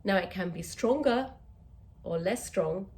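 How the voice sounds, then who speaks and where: A woman's voice: medium pitch, expressive, measured pace, a little mellow. A woman with an English accent, a communication coach teaching to camera, stretching out key words for emphasis.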